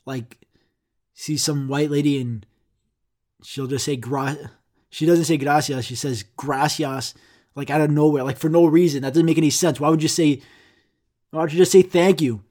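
A man's voice: a little high, steady tone, normal speed, pauses often, mellow. A man hosting a podcast, ranting in a rambling, profane and self-mocking way. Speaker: podcast host. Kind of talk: casual podcast rant.

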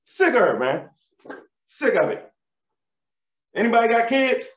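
A man in his thirties doing stand-up comedy, telling animated, profane stories in street slang. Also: extremely high pitch, measured pace. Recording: roomy, slightly dull live recording.

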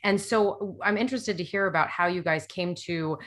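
A woman's voice: on the low side, moderate pace. A woman co-hosting a podcast, chatting and working her way toward a question for the guest. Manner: conversational, building up a question. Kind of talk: casual podcast interview.

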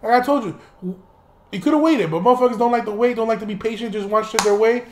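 Young male podcast host, high-pitched, loose and profane storyteller, roomy echo. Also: fast talker, a little hiss or hum. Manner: profane, rambling, laughs while telling. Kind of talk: casual storytelling monologue.

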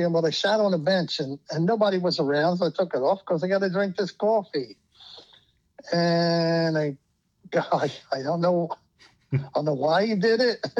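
A man's voice: fairly high pitch, a little mellow, muffled recording. A man, telling stories to a friend and laughing as he goes. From Darby, Pennsylvania. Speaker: guest. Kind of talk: storytelling.

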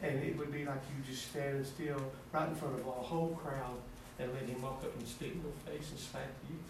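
A man preaching a sermon, sprinkling in "amen" and building to a pleading, fervent pitch. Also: fairly even intonation, brisk, vocal fry, background noise. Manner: rising to high, pleading fervor with frequent "amen". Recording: echoey distant room sound.

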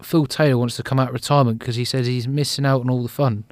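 A man's voice: medium pitch, steady tone, fast talker, dry recording. A man co-hosting a casual sports podcast, blunt and opinionated, laughing easily.

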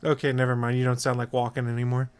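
A man hosting a podcast and chatting casually in a relaxed, wry manner. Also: mid-range voice, fast talker, clean tone, no room sound. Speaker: podcast host. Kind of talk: casual chat.

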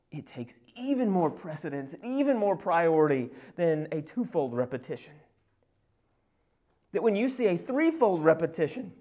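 A male pastor delivers a sermon with wide swings in volume, building to loud, emphatic peaks and then dropping to hushed, almost whispered stretches. He retells scripture scenes in a conversational way, with casual asides woven into the preaching. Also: high-pitched.

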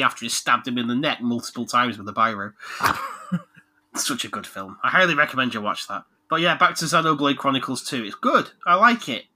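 Animated guy, bright voice. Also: mid-range voice, normal speed, long pauses, slightly rough. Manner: animated, jokey, laughs a lot. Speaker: podcast host, game reviewer. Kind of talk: casual chat.

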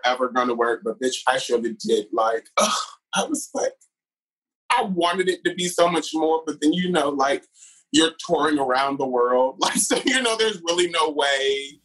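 An expressive, laugh-filled voice that swoops from high squeals down to low, throaty asides, with a slightly husky edge. A drag performer from California chats as a podcast guest, telling wild dating stories with big dramatic flair. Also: male voice, normal speed, low-quality recording. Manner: animated storyteller, laughs often, calls listeners "girl". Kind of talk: casual chat.

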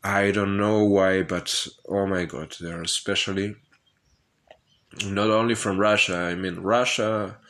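Slow, low-voiced man rambling candidly. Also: fairly even intonation, fairly bright tone. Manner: hesitant and profane, with frequent laughs and fillers. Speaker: vlogger telling his life story. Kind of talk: rambling personal monologue.

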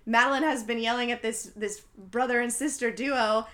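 A woman's voice: fairly high pitch, steady tone, normal speed, bright, forceful tone. A woman casually recapping a film's scenes, chatting with many fillers.

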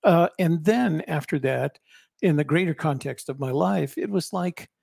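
Gravelly man musing in a rambling chat. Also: a little high, normal speed, a little mellow, dry recording, studio quality. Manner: rambling, reflective, many restarts. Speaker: co-host and author. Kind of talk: casual chat.

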